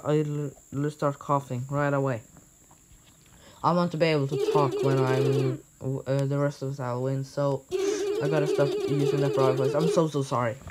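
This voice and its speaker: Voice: medium pitch, a little hiss or hum. A gaming YouTuber giving jumpy, exclaiming playthrough commentary, often startled and joking at himself. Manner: jumpy, exclaiming, self-mocking.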